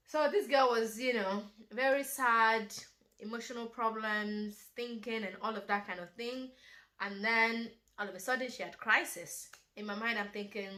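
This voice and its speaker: A young woman tells a film's story in a casual vlog. Her voice is bright and forward, and she keeps slipping into the characters' quoted lines. Her talk is full of "you know" as she goes. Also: on the high side, moderate pace. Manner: animated retelling with acted-out quotes, many "you know" fillers. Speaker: beauty and lifestyle vlogger.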